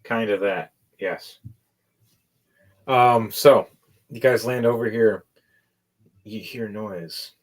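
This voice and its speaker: A man running a tabletop game as game master, telling the story in a rambling, excitable and profane way. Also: on the low side, slow, long pauses, poor audio.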